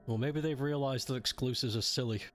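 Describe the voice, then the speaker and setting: A man chatting casually while streaming a game, grumbling about technical trouble. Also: medium pitch. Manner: grumbling, easily frustrated by tech trouble. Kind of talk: casual gaming stream chat.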